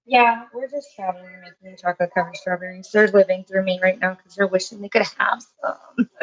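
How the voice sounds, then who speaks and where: A woman chats her way through a live cooking stream in her home kitchen, rambling from topic to topic and turning aside to talk to her dog and family. Her voice sits at an ordinary middle pitch. The audio is a little dull and muffled. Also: fairly quick. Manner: chatty and rambling, breaks off to talk to pets and family.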